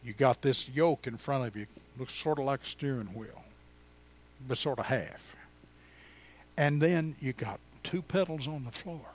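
A man, preaching a sermon in a church and telling personal stories in a folksy, chatty way, swinging from loud exclamations to quiet asides. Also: medium pitch, a little slow. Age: 70s. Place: church before a congregation.

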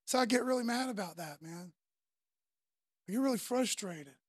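A woman's voice: a little high, expressive, normal speed, breathy edge, dry recording. A woman preacher delivering a fervent, conversational sermon full of casual slang.

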